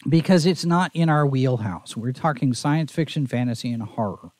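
A man's voice: medium pitch, moderate pace, hardly any pauses, a little mellow, no echo. A man hosting a casual podcast chat with a faint Texas Southern accent, talking in a thoughtful, easygoing, rambling way. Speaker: show host.

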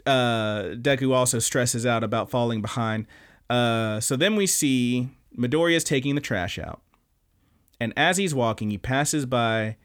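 A man's voice: medium pitch, clear, resonant tone. Profane laid-back podcast guy. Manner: loose, profane, does quick silly character voices. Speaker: podcast co-host. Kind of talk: casual chat recapping anime.

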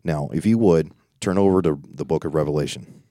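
A man's voice: very deep voice, brisk, mellow, no echo, clean studio sound. A man leading a Bible study, reading verses aloud and adding informal comments in a conversational way. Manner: reads scripture aloud then comments informally; conversational, with frequent restarts and asides. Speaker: preacher.

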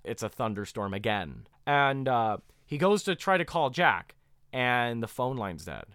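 A man co-hosting a podcast, retelling a show's plot in animated casual chat, often laughing. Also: mid-range voice, unhurried, no echo, clean studio sound. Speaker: podcast co-host. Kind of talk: casual chat recapping a show.

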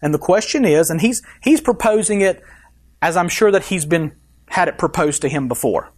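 A man's voice: on the high side, animated, normal speed. A man preaching a sermon as pastor, emphatic and putting questions to the congregation.

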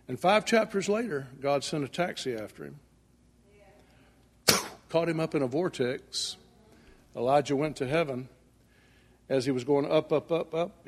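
A man's voice: on the high side, moderate pace, long pauses. A male preacher giving a sermon in a folksy storytelling manner, acting out the dialogue. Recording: echoey hall with long reverb.

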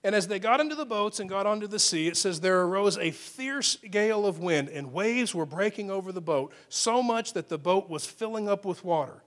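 A man preaching a sermon as pastor, conversational and personal, with many restarts and sudden swings in loudness. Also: high voice, expressive, moderate pace, few pauses.

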